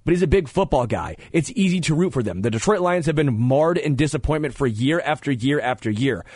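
Male sports talk host, animated and opinionated, average pitch, close dry studio mic. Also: no echo. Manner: animated, opinionated, stammers on restarts. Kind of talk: sports talk radio banter. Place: radio studio.

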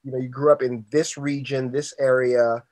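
A man's voice: mid-range voice, flat delivery, moderate pace, darkish tone, dry recording, rough recording. New York man, casual interviewer, meandering questions, dry close recording. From Queens, New York. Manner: loose, conversational, leans on fillers like "sort of" and "like".

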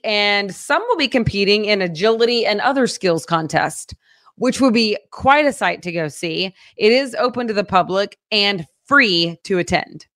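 A woman co-hosting a local news podcast, chatty and upbeat, reading headlines and then riffing on them. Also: medium pitch. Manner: chatty, upbeat, reads stories then riffs.

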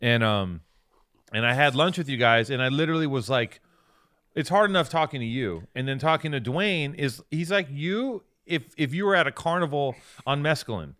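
A man's voice: mid-range voice, animated, moderate pace, a bit bright, no room sound. Rambling, profane man with a dry close sound. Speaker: podcast co-host. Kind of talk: casual chat.

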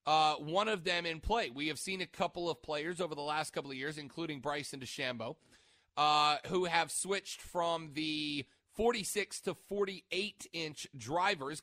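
A man's voice: fairly high pitch, fairly bright tone, no echo. A man hosting a sports radio show, chatting casually and rambling, stopping mid-sentence to check his notes. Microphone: studio microphone.

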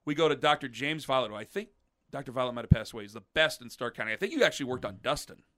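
A podcast host with a medium-pitched voice speaks rapid-fire, telling a long personal story in casual chat. He's animated, acting out what others said.

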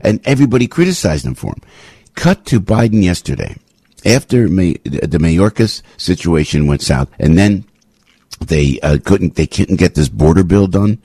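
Brief: husky male radio host, dry studio mic, rants with sudden jumps to a high pitch. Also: expressive, normal speed, dark tone, dry recording. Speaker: radio talk show host. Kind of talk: opinionated talk radio monologue. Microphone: studio radio microphone.

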